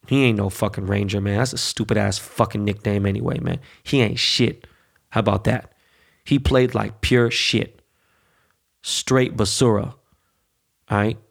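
A man's voice: mid-range voice, vocal fry. A man ranting about sports in a casual, heated, profane way, full of streetwise slang. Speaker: sports commentator.

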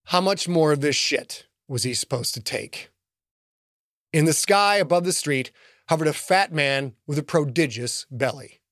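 Expressive male audiobook narrator. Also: on the high side, a little slow, dry recording, studio quality.

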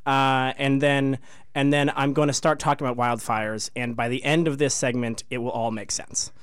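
A male co-host with a smooth, clear voice of middle pitch, easygoing and a bit halting as he sets things up. The sound is close and dry, with no room echo. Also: little pitch movement. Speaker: radio co-host. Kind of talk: casual radio talk. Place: radio studio.

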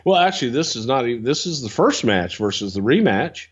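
A man co-hosting a podcast, bantering and telling stories in an animated, casual way. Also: medium pitch, brisk, husky, muffled recording. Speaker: podcast co-host.

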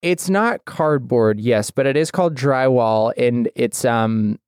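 A woman co-hosting a podcast, joking and animated in casual chat. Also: very deep voice, slow, clean tone, dry recording, clean studio sound.

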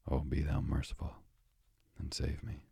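A man's voice: extremely low pitch, completely flat delivery, unhurried, gravelly, mellow, slightly rough, no room sound, heavily acted. A man voicing a frightened pauper boy who pleads in archaic speech, in a storybook reading. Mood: pleading.

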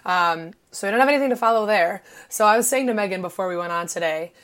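A woman's voice: mid-range voice, fast talker. Gushing young woman podcast host. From Illinois. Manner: excitable, gushing, heavy on "like" fillers. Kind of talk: casual podcast chat.

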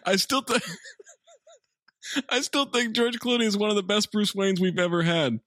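A man hosting a podcast in casual comedic chat, reading reviews aloud with an animated, mocking manner and free swearing. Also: high voice, measured pace, dry recording.

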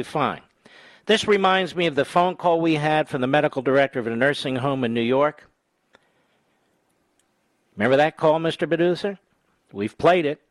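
Emphatic high-voiced talk radio host man. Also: no echo. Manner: emphatic, swings between loud rising outbursts and low asides. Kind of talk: political talk radio monologue. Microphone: studio microphone.

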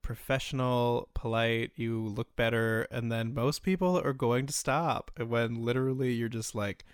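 A man's voice: medium pitch, fairly even intonation, a little slow, clean tone, dry recording, clean studio sound. A man in casual chat who acts out quotes in a playful mock-dramatic voice.

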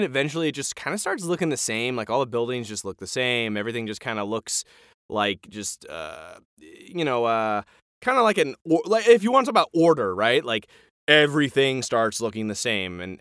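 In clean studio audio with no echo, a man co-hosting a podcast chats casually through a TV episode's plot. His mid-range voice is smooth, and he animates the story by performing the characters' quotes himself.

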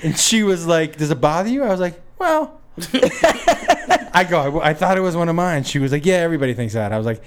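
A man's voice: a little high, rapid-fire, slight background noise. A man telling a comic story in a casual chat, laughing often and acting out the quotes. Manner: animated, laughs through his stories, acts out quotes.

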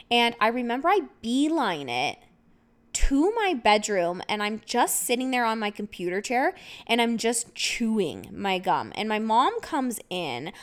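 A woman hosting a podcast, telling a personal story in a rambling, casual way with lots of fillers and laughter. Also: fairly high pitch. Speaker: podcast host.

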